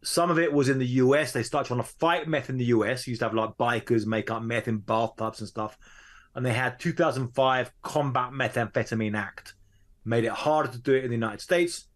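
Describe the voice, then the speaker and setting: A man, a journalist guest, telling a story in a conversational interview, his pace swinging between quick bursts and slow, drawn-out stretches. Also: mid-range voice.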